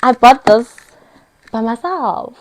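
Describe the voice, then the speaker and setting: High, slow-talking South African woman vlogger. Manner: excitable, giggly, switching between languages. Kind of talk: casual vlog chat.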